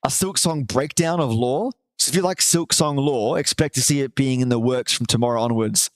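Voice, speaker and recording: A livestream host chats casually and affectionately with his viewers from home, often restarting and drawing out his greetings. His voice is medium-pitched with a moderate pace and few pauses, and the sound is clean studio quality with no room sound.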